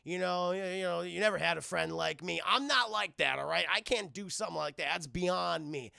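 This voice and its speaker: A man's voice: sits high, brisk, vocal fry, pushed and bright, no echo, studio quality, exaggerated voice. A man voicing an exasperated, mischievous male elf trickster who protests in a profane, flustered way. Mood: protesting.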